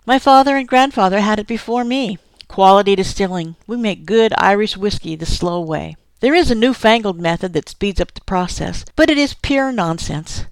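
A woman's voice: mid-range voice, animated, moderate pace, hardly any pauses, clear, resonant tone, no room sound, natural voice. A woman reading the lines of a folksy, chatty elderly male whiskey distiller in an audiobook. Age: older.

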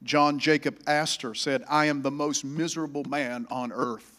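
A man preaching a sermon in a church, getting louder on scripture and calling the congregation to repeat after him. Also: on the high side, steady tone, normal speed. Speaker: pastor.

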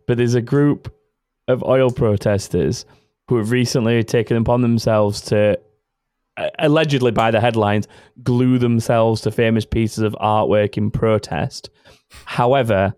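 A man's voice: medium pitch, a little mellow, dry recording. A man hosting a casual podcast, rambling and correcting himself as he goes, laughing often. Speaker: podcast host. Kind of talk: casual chat.

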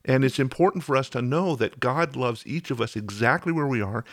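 A man's voice: medium pitch, brisk, a bit bright, dry recording. A man hosting a faith podcast interview, asking questions and encouraging listeners. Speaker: podcast host.

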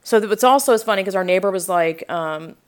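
A young woman podcast host telling a story in a rambling, animated way, full of asides and quoted reactions, with a sore throat. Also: medium pitch, quick pace. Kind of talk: casual storytelling.

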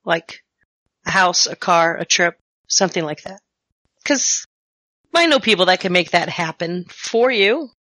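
Woman player, bright tone, dry close recording; chatty, in and out of character. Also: fairly low pitch, expressive, unhurried, long pauses, dry recording. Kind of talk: tabletop role-play chat.

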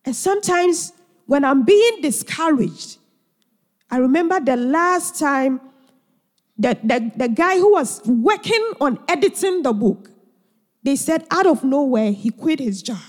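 A woman's voice: high-pitched, lively intonation, a little slow. A woman preacher delivering an earnest sermon full of emphatic rhetorical questions, heard in a church hall. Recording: long church hall reverb.

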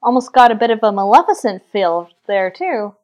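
A woman in casual chat, relaxed, giving short replies and wry asides. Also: on the high side, normal speed.

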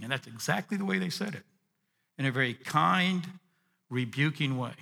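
A male pastor preaching a sermon, reading and unpacking scripture, dropping to a hush and then rising to emphatic points. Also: fairly high pitch, normal speed, creaky, in a large hall. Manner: expressive, swinging from hushed to emphatic.

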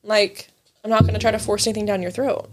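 A woman's voice: mid-range voice, quick pace, slight background noise. A young woman in casual chat, telling stories energetically and swearing freely. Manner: animated storyteller, swears, acts out her family.

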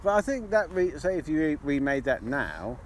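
Male co-host, slightly high-pitched, halting and easygoing. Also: sing-song, slight background noise. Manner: hesitant, restarts often and laughs. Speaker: podcast co-host. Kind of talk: casual chat.

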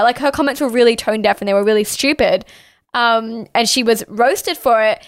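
A young woman talks politics with fiery conviction. Her voice sits a little high and comes through smooth and clean. The recording is dry and close. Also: no room sound. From Australia. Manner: passionate, quick, outspoken. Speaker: co-host. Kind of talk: casual political commentary.

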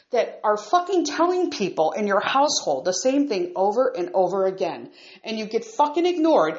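A woman's voice: medium pitch, dull audio. A woman ranting at home in an exasperated, profane, emphatic way. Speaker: vlogger. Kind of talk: angry ranting monologue. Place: upstairs room at home.

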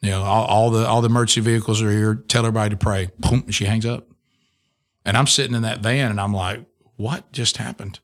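Low-voiced man telling a personal story. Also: fairly even intonation, quick pace. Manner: earnest storytelling with many restarts. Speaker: radio host and speaker. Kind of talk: emotional personal testimony.

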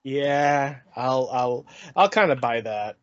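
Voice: medium pitch, lively intonation, slow, lo-fi sound. A podcast co-host in casual movie chat, dropping dry, wry quips.

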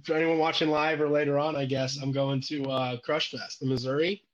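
A man's voice: on the high side, fairly even intonation, a little fast. A man from Illinois chatting casually as a guest on a stream, telling rambling stories with a frequent giggle. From Illinois, United States. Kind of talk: casual chat. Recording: dull lo-fi audio.

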